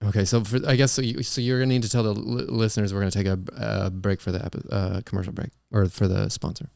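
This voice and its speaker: A young man co-hosting a podcast in a smooth, resonant voice, recorded dry and close on a studio mic. He rambles and hesitates, stopping to retake his lines in comedic banter. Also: fairly low pitch, level tone, fast, darkish tone, no echo. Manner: hesitant, restarts and retakes often. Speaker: podcast co-host.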